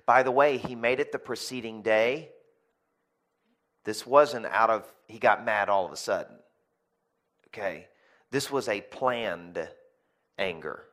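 A man preaching a sermon as pastor, telling stories lively, with jokey asides and rhetorical questions to the congregation. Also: lowish voice, a little slow, pauses often.

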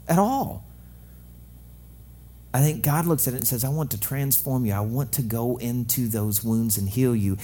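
A young adult male pastor preaching a sermon, lively and joking, acting out quoted voices. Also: medium pitch, husky.

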